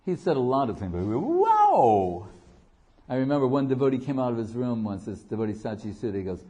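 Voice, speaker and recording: A man's voice: medium pitch, wildly swooping pitch, fairly quick, warm tone. A man giving an informal devotional talk as a spiritual teacher, a digressive storyteller who jokes and acts out quotes. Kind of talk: informal devotional lecture with anecdotes.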